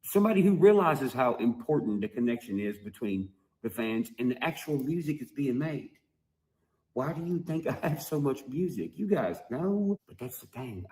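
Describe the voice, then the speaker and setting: A man's voice: medium pitch, a little mellow. A man, a musician, ranting to his fans in a mocking, heavily profane, emphatic way. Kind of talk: profane video rant. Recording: roomy echoey room.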